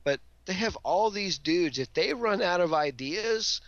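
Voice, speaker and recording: A man's voice: high voice, expressive, unhurried, a bit bright, highs cut off. A man moderating a casual panel chat, joking and rambling.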